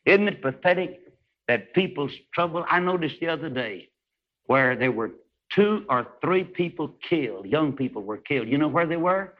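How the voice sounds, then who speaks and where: A man's voice: animated, moderate pace. Fervent preacher man, lo-fi recording. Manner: fervent preaching with wide swings from loud highs to hushed lows. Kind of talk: sermon. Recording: dull lo-fi old recording.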